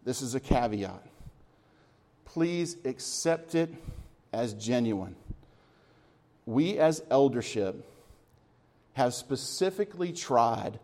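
A man's voice: medium pitch, dark tone. A man, a church elder, preaching a sermon in a conversational storytelling way with light humor.

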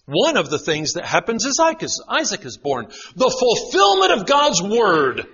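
A man preaching a sermon, shifting between emphatic declarations and hushed retellings. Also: high-pitched, wildly swooping pitch, moderate pace, husky. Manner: dramatic, drops to a hush for quoted lines. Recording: dull lo-fi sound.

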